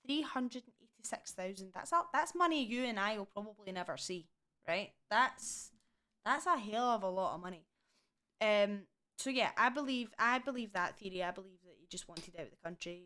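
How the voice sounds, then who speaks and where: A young woman talks through a true crime case in a loose, chatty way. Her voice is bright and sharp at a middle pitch. She is indignant and swears freely. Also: expressive, normal speed. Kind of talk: casual chat.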